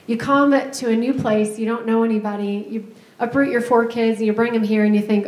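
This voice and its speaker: A woman's voice: a little high, steady tone, a little fast, a little mellow. A woman, a pastor's wife, giving a heartfelt, tearful farewell to her church. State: crying. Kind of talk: emotional farewell address. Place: church sanctuary. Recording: echoey church sanctuary.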